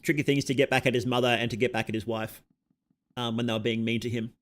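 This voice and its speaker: Talking fast with fairly even intonation, this Australian man has a medium-pitched, slightly bright voice. He rambles through his game stream, stopping mid-thought to comment on his moves.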